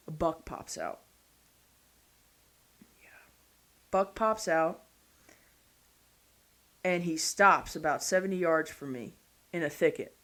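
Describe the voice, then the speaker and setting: Woman in her thirties, casual storyteller, lower voice, blunt, swears freely. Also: unhurried, long pauses, fairly bright tone. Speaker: podcast guest.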